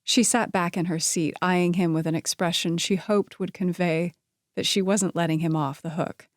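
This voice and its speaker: Woman narrating a romance audiobook, lowish voice. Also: fairly even intonation, normal speed, dry recording, clean studio sound. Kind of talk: scripted narration.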